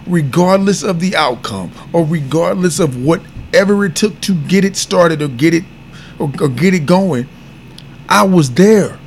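A man's voice: high voice, a little hiss or hum. A man hosting a podcast, talking earnestly and from the heart. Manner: earnest and heartfelt, speaking openly. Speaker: podcast host. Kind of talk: podcast commentary.

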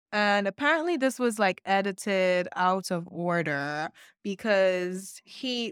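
A woman's voice: lowish voice, smooth, no echo. Chatty woman cohost, laughing and cursing a lot, super dry mic. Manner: animated, laughs often, swears casually. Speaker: podcast co-host. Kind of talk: casual chat recapping reality TV.

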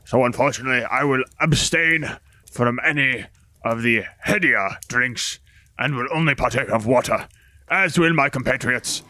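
A pious warrior who speaks in lofty, archaic phrases, played by a man at a tabletop game. His voice is bright and forceful, with middling pitch. He sounds stiff and formal. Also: moderate pace, lightly acted.

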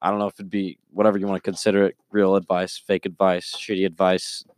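A man's voice: sits low, flat delivery, quick pace, darkish tone, dry recording. A young man co-hosting a podcast, lecturing his friends with emphatic, profane advice in casual chat. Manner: preachy, emphatic, lecturing with "okay?". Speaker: podcast co-host.

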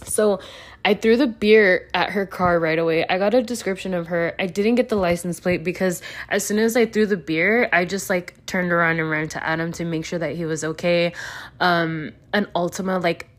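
Profane, animated woman venting on a podcast. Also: fairly low pitch, normal speed. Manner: profane, animated storytelling with lots of swearing. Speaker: podcast host. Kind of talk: casual solo podcast vent.

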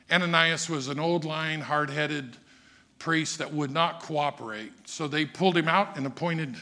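A man preaching a Sunday sermon, his voice pitched high with a gravelly, rough grain and a very bright, sharp edge. He swings from soft, low asides to shouted peaks, and he acts out the people in his stories as he goes. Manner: dramatic, swings from quiet to shouting, acts out quotes. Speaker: pastor.

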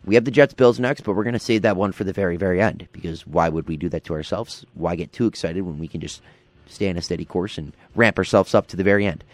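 A man's voice: sits low, quick pace, no echo. A man hosting a casual football picks show, upbeat and moving the segments along. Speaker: show host. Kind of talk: casual sports picks chat.

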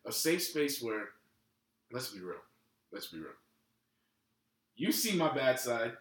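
A man hosting a relaxed podcast chat, easygoing and calling his guest bro. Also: mid-range voice, takes it slowly, reverberant, poor audio. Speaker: podcast host. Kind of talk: casual chat.

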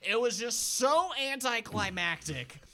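Bright-voiced animated man telling stories. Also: extremely high pitch, a little slow, a little hiss or hum. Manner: animated, acts out voices in shouts. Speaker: podcast co-host. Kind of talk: casual storytelling chat.

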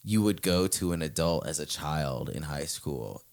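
A man's voice: a bass voice, expressive, a little slow, vocal fry. A young man in casual chat, joking and swearing, often trailing off mid-thought. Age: 20s.

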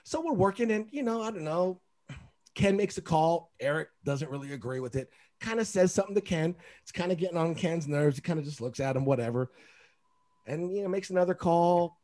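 Animated man telling a story. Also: on the high side, brisk. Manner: animated storyteller acting out quotes, laughing often. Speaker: basketball referee. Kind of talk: casual storytelling chat.

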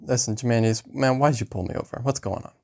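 A man playing a brash, cocky male seaweed farmer in a tabletop game, with a gravelly voice. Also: mid-range voice, quick pace, a little mellow, close to an everyday voice.

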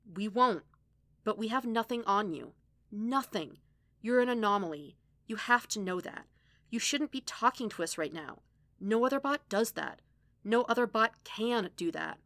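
A woman voicing a brisk female scientist who speaks in firm, clipped, matter-of-fact sentences. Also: medium pitch, animated, a bit bright, no room sound.

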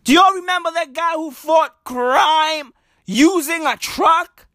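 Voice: high voice, slow pace, sharp tone, dry recording, studio quality. A stand-up comedian, ranting profanely in a comedy routine and hammering lines through repetition. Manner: profane, ranting, emphatic with repeated catchphrases.

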